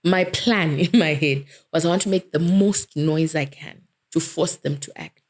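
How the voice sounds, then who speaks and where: A woman, a dentist telling her personal story as an interview guest in a vivid, animated way. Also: sits low, moderate pace. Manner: vivid, animated storytelling, self-described vocal.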